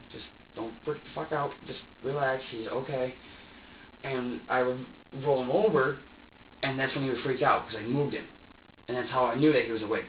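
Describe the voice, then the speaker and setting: A young man in his twenties talks in a halting, profane ramble while being questioned. He is picked up from across an echoey interview room. The recording is dull and muffled, with a faint hum of ambience behind him. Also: mid-range voice, distant mic. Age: 20s. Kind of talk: police interrogation statement.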